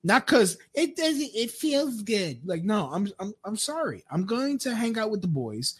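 A man's voice: high voice, sing-song, unhurried, slightly rough. A man giving a crude, rambling rant, with frequent stammered restarts. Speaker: commentator. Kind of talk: profane rant commentary.

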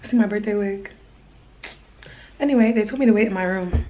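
A woman's voice: medium pitch, a little fast, narrow, tinny audio, slight background noise. A young woman chatting casually to camera in a vlog, gushing and laughing often. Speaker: vlogger.

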